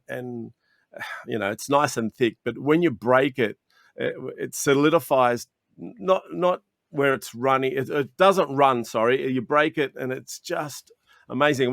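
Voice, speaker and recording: A medium-pitched Australian man, guest chocolatier in a video interview, spins eager stories and performs his back-and-forths with customers. He's animated and keeps restarting sentences. The video-call recording is dry and of studio quality.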